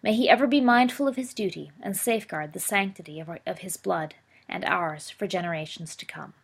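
A woman's voice: medium pitch, a little fast, gravelly, husky. A woman voicing a proud, stern aristocratic father who speaks formally in a carrying voice in a storybook. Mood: declaiming.

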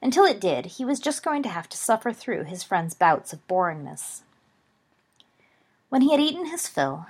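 A woman narrating a story aloud with an even, steady reading. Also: fairly low pitch, slightly rough. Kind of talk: audiobook narration of fan fiction.

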